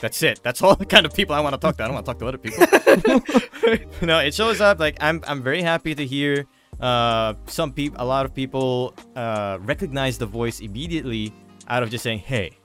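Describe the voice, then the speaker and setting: Man, casual podcast host, lively pitch, halting delivery. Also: soft background music. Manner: animated, halting storytelling with frequent restarts. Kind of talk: casual chat.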